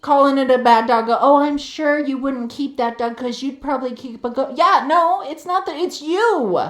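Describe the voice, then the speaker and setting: Speaking at a normal pace in a high-pitched, fairly bright voice, a woman streamer blows off steam mid-game with heated swearing and emphatic repetition. The recording carries a roomy echo.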